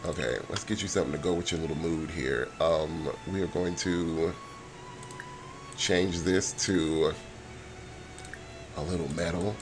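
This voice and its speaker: A man narrating a life-sim game in a relaxed, chatty way, with filler ums. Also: low-pitched, measured pace, long pauses, music in the background. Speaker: game streamer. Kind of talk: let's-play narration.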